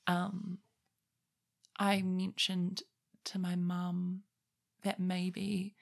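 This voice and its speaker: A woman's voice: fairly low pitch, monotone, extremely slow, gravelly. A young woman hosting a podcast in a casual solo monologue, rambling and chatty, often breaking off mid-sentence and laughing at herself. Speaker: podcast host.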